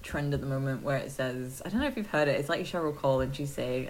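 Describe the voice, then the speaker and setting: A woman with a Liverpool accent chats easily on a podcast, her voice sitting quite low. She spins stories with quick asides, and a faint hiss sits under the recording. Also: rough recording. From England. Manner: chatty, animated storyteller, quick asides. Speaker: podcast co-host. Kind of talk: casual chat.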